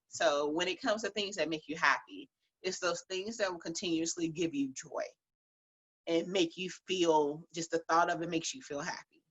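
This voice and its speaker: A woman's voice: low-pitched, sharp tone, slightly rough, muffled recording. A woman who runs a Reiki and herbal business, answering interview questions in a blunt, chatty way and laughing often.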